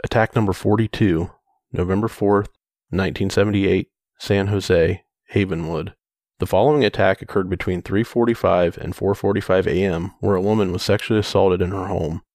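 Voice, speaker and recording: A low-voiced man narrates true crime case details in a plain, matter-of-fact way, dropping in casual remarks. The sound is close and dry. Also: fairly even intonation, normal speed, darkish tone, dry recording. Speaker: podcast co-host.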